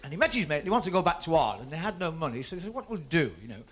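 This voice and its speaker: Bright, animated male stand-up storyteller. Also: a little high, racing. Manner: rambling storyteller's patter with voiced characters. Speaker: stand-up comedian. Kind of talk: stand-up joke telling to a live audience.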